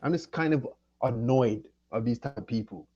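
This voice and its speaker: Here the audio is dull. A man from Jamaica, running his own channel, delivers a livestream rant while buzzed on booze and weed; his voice is mellow and medium in pitch, his pace moderate, and he keeps cursing irritably and repeating himself.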